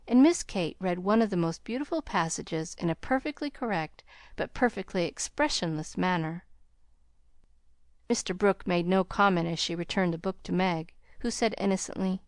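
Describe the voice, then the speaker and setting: A woman's voice: on the low side, moderate pace, no echo, clean studio sound. New Zealand woman reading an audiobook. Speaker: audiobook narrator. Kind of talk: audiobook narration.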